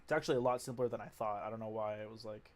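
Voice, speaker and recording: A man's voice: lowish voice, steady tone, rapid-fire. A young man casually reacting on a live stream, rambling and enthusiastic, repeating himself.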